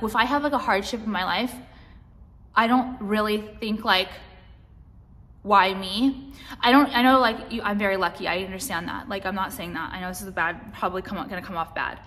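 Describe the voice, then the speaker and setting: A woman's voice: medium pitch, a bit bright. Rambling young woman vlogger, reverberant. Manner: rambling, many likes and restarts. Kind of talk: casual confessional vlog. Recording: long reverb.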